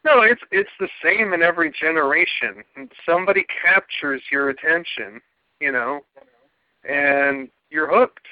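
A man's voice: a little high, a little slow, dry recording. A man in casual podcast chat as a co-host, musing reflectively and often saying "you know". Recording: dry, narrow phone-like sound.

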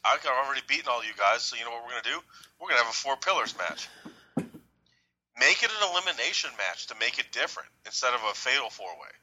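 A man co-hosting a casual podcast, talking animatedly and doing quick voices when quoting people. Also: medium pitch, poor audio. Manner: animated, mimics voices in quoted bits. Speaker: podcast co-host. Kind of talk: casual wrestling talk.

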